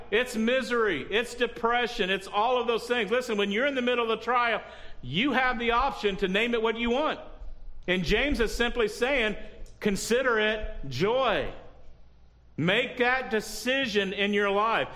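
A man's voice: very high voice, a little slow, sharp tone. A man preaching a sermon who often checks in with the congregation and adds humorous asides. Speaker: pastor.

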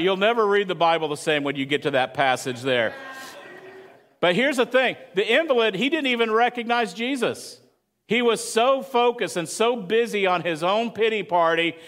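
A man's voice: sits high, normal speed, a bit bright. A man preaching a sermon at church, talking conversationally and asking the congregation questions. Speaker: pastor.

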